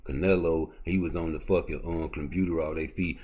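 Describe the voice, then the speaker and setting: A man's voice: a bass voice, fairly even intonation, brisk, a little mellow, husky. A man hosting a boxing talk stream, ranting profanely at his chat with rhetorical questions. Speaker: boxing commentary host. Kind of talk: unscripted rant to a live chat.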